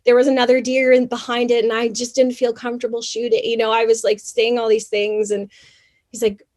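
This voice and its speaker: A young woman from Canada talks as a podcast guest. She tells her story in a lively, chatty way, with plenty of fillers. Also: fairly high pitch, brisk. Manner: animated, chatty, many fillers. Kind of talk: casual interview storytelling.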